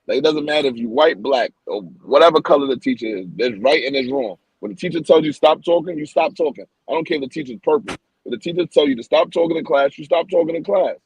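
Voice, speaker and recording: A man's voice: fairly high pitch, quick pace, gravelly, few pauses, slightly rough, dry recording, rough recording. A man co-hosting a casual podcast, talking emphatically and opinionatedly, often repeating and restarting his words.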